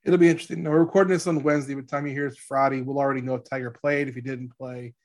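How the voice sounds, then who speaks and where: A man's voice: medium pitch, little pitch movement, racing. A man co-hosting a sports podcast, chatting casually and eagerly, often stumbling over restarts. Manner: enthusiastic, stammering restarts. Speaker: podcast co-host, coach.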